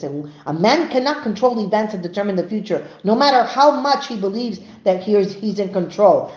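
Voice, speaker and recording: A woman giving a religious lesson, earnest and emphatic, who tells a story with animated voices. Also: medium pitch. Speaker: Torah teacher. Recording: dull, echoey room.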